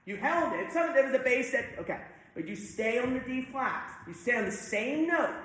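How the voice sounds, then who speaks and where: A man conducting a choir and orchestra rehearsal, giving brisk directions and counting the players in. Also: extremely high pitch, expressive, fairly bright tone. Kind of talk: rehearsal instruction. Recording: very echoey hall with music.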